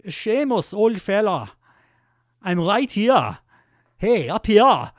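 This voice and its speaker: A man's voice: high voice, big pitch swings, takes it slowly, no room sound, studio quality, pitched above the performer's own voice, heavily acted. A man doing a smug taunting German wrestler. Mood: mocking. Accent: German, put on. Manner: mocking, condescending taunts.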